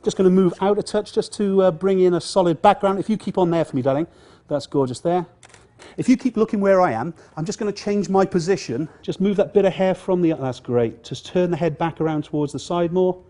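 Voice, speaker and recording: A man's voice: high-pitched, fairly quick. An English man teaching portrait lighting, giving a hands-on demonstration and coaching a model as he works. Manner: directing a model with warm encouragement. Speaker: photography instructor. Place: outdoors at a seafront location.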